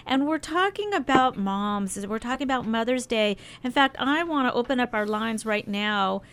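A woman's voice: a little high, animated, normal speed, fairly bright tone, smooth. A woman hosting a radio talk show, chatting upbeat with lots of fillers. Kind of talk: casual radio chat.

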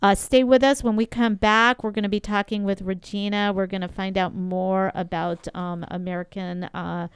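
A talk show host in her forties chats with a guest. She talks casually and fills her speech with "you know" and quick interjections. Her voice is very clear and close to a dry mic. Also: medium pitch, level tone, dry recording. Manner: chatty, many fillers, warm interjections.

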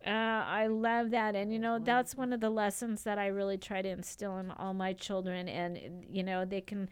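Chatty middle-aged woman radio host, smooth voice. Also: medium pitch. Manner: chatty, warm-hearted with frequent fillers and restarts. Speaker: radio talk show host. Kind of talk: casual radio chat.

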